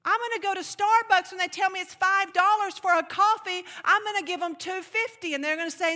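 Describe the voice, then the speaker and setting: A woman preaching a sermon in an animated, emphatic way, slipping into playful mock voices to make her points. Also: very high voice, fast, few pauses, big-room sound.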